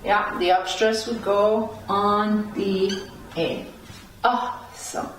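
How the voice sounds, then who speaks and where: Woman teacher, slow careful delivery, very echoey room, distant mic. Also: medium pitch, level tone, slight background noise. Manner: patient, repeats words slowly syllable by syllable. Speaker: language teacher. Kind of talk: slow spoken language lesson.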